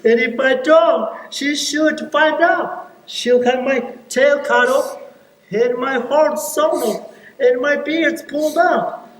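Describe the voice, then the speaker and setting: A man playing a guilt-ridden faun, high voice on a far-off stage. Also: takes it slowly, fairly bright tone, slight background noise, exaggerated voice. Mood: anguished. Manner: wistful, then tearful and pleading. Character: remorseful gentle male faun, tearful and guilty. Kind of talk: stage play acting. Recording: echoey stage hall from far off.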